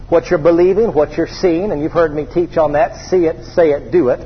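A man's voice: on the high side, big-room sound, dull audio, a little hiss or hum. A man preaching a sermon in a church, leading the congregation in call-and-response and repeating his phrases. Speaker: pastor.

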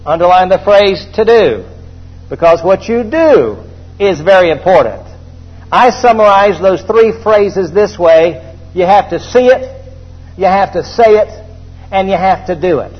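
Male pastor, high husky voice, emphatic call-and-response preaching, lo-fi church recording. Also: lively intonation, normal speed. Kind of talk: sermon.

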